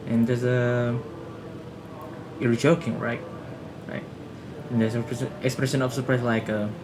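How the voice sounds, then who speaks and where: A young man with an Indonesian accent gives a halting class presentation, full of fillers and repeated phrases. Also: medium pitch, fairly even intonation, low-quality recording. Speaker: student presenter. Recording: music playing underneath.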